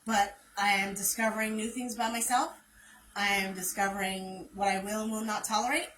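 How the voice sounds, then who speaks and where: A woman's voice: mid-range voice, steady tone, brisk, a bit bright, echoey room, slight background noise, poor audio. A woman hosting a casual livestream chat, playful and chatty. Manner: playful, chatty, laughs often. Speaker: channel host.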